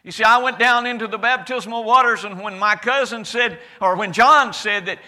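A man preaching in the first person as Jesus, a calm and certain adult man, with a declamatory delivery whose loudness rises and falls. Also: high-pitched, normal speed. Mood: solemn. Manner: declamatory, rising and falling loudness. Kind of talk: first-person sermon monologue.

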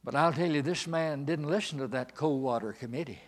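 A man preaching a sermon, swinging from hushed asides to shouting. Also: fairly high pitch, fairly quick.

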